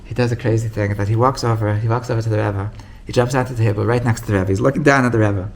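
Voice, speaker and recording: Rabbi, man, teaching a class, animated storytelling, acted quotes, gravelly voice, frequent repeats. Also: racing. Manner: animated storytelling, acts out quoted voices with big pitch jumps; many restarts and repeated words.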